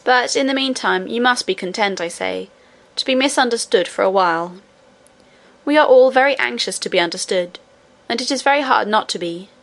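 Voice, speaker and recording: A woman reading aloud, voicing an old grandmother who speaks calmly and gently. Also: on the high side, a little fast, vocal fry. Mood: gentle.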